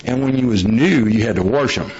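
A man's voice: medium pitch, fairly quick, darkish tone. A middle-aged man telling a humorous recovery story to an audience in a folksy, jokey, plain-spoken way. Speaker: speaker sharing a recovery story. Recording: dull lo-fi recording.

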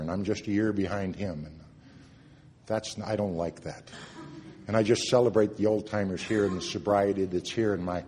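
A man sharing a personal recovery story at a meeting, earnest, moving between loud and hushed moments. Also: sits low, slightly rough. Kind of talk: personal testimony talk. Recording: long reverb of a hall.

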